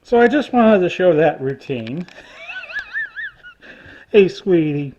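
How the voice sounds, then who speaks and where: Older male vlogger, folksy and halting, a bit high-pitched, dull recording. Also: animated, a little mellow. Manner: rambling and folksy, addresses viewers as folks; halting, with frequent restarts. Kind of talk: casual chat to camera.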